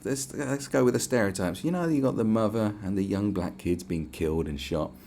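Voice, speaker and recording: A man's voice: lowish voice, a little fast, mellow, slight background noise. A man with a British accent hosting a podcast, ranting in a casual, profane, sarcastic way. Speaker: podcast host.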